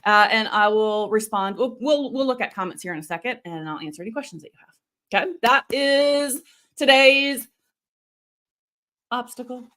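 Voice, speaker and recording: Chatty, animated woman coach, slightly high. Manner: chatty and animated, with quick asides. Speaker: online video coach hosting a live stream. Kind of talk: casual live-stream teaching.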